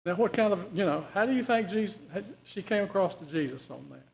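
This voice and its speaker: Guy leading bible study, folksy, slightly high voice, keeps asking the class stuff. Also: lively intonation, fast talker, creaky, hardly any pauses. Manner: conversational, asks the class questions, folksy. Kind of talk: informal Bible study teaching.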